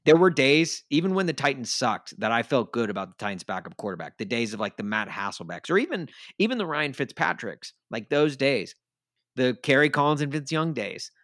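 A man co-hosting a casual sports podcast, rambling through his points and breaking into laughs. His voice sits at a middling pitch, and the sound is dry and close with no room behind it. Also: very animated, fairly quick, a bit bright, dry recording. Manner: rambling, self-deprecating, laughs often. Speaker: podcast co-host.

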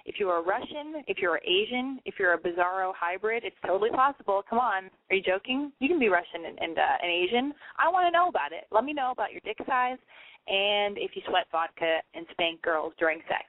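A woman's voice: medium pitch, dry recording. Tipsy, brash woman radio host. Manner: brash, profane and animated. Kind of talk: casual advice call-in show. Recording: dry, phone-like lo-fi sound.

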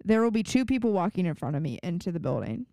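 A woman's voice: on the low side, big pitch swings, fast, warm tone, dry recording, studio quality. A young woman co-hosting a podcast in casual chat, telling indignant stories from work. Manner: storytelling, indignant. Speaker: podcast co-host.

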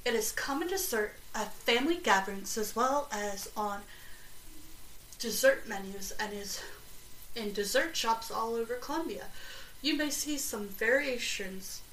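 A woman podcaster reads at an unhurried, halting pace, stopping for chatty little asides. She sits back from the microphone in a roomy, echoing space with a faint hum of ambience behind her. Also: on the high side. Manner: slow, halting reading with chatty excited asides. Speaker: podcast host. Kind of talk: casual podcast reading aloud with asides. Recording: roomy echo, distant from mic, faint ambience.

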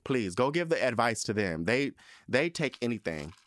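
A man's voice: medium pitch, big pitch swings, moderate pace, fairly bright tone. A man hosting a podcast, ranting in a casual, sassy and profane way with lots of emphasis. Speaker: podcast host.

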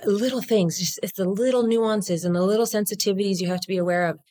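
The voice is a dark-toned, mid-range one with fairly even intonation, delivered fast. A woman who co-founded a law firm is being interviewed casually, talking energetically and frankly, cursing at times and swinging into impersonations when quoting others.

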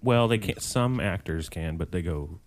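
A man's voice: deep voice, lively intonation, moderate pace. A man co-hosting a podcast, chatting casually, teasing and explaining things to the others. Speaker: podcast co-host. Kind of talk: casual movie recap chat.

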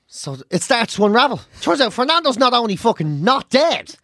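A woman's voice: on the high side, a little fast, no echo, clean studio sound. Sweary Irish woman telling a story. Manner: animated storytelling, sweary, laughing. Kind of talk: casual chat.

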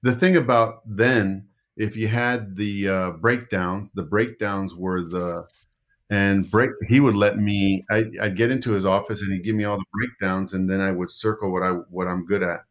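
A man's voice: on the low side, fairly even intonation, moderate pace. A middle-aged man, an actor, telling rambling anecdotes in a casual interview, often restarting his sentences. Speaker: actor guest.

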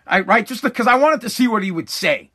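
A man in full rant mode, swearing freely and circling back over his points. His voice sits high and sounds bright and edgy, lifting higher whenever he pushes a point. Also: fast talker, breathy edge. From Massachusetts. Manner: profane, animated, repeats himself. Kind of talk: casual rant monologue.

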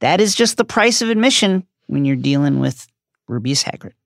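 A man with a slightly higher voice reads a measured, reflective recap, mixing serious musings with dry jokes. The recording is close and dry. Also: very animated, gravelly, no echo. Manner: reflective, measured narration with wry asides. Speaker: podcast co-host. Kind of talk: scripted recap with commentary.

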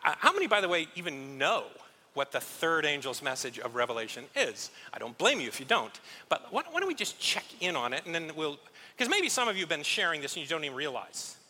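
A male pastor delivers a casual, story-driven sermon, slipping into little acted scenes and gentle jokes at his own expense. His voice sits high and swings widely in pitch, with a very bright, sharp edge. It rings out in a long, reverberant church hall. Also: very animated, brisk. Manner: conversational, self-deprecating, acts out little scenes.

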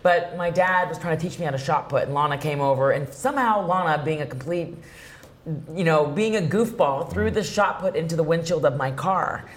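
A woman's voice: low-pitched, a little fast. A woman wrestler as an interview guest, telling personal stories in a chatty, emotional way with lots of fillers. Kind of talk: casual interview storytelling.

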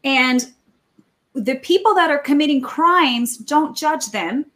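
Brief: high-pitched woman guest, animated storyteller, quick restarts. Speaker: podcast guest. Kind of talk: casual chat, storytelling.

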